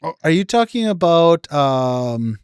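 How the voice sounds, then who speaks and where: Male podcast co-host, a bit high-pitched, quick with self-amused jokes. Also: sing-song, smooth, no echo, studio quality. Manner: jokey, laughs at his own jokes. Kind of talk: casual chat.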